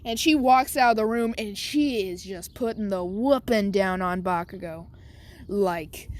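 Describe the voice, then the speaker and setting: A woman's voice: medium pitch, slight background noise. A woman casually making up and narrating a fan story, rambling with lots of fillers and restarts.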